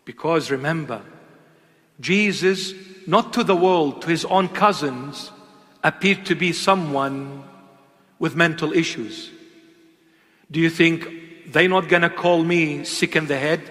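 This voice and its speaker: A man preaching an impassioned sermon, swinging between loud emphatic calls and hushed, intimate asides. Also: a little high, animated, a little slow, big-room sound.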